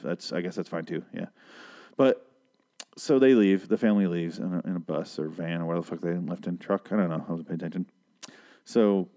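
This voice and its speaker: Guy ranting about a tv episode, swears a lot, sarcastic, lowish voice. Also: warm tone. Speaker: TV episode recapper. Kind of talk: casual profane recap rant.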